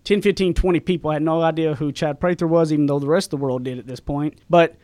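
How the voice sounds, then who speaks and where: A man's voice: on the high side, steady tone, fast, dark tone, dry recording. A man in his thirties with a Southern accent, chatting casually on a podcast and rambling through stories. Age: 30s.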